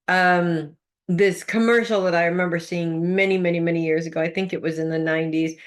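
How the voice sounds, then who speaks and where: Chatty woman reading a horoscope, low-toned. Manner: chatty, rambling, many fillers and restarts. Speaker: psychic giving a weekly horoscope. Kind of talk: casual spoken horoscope reading.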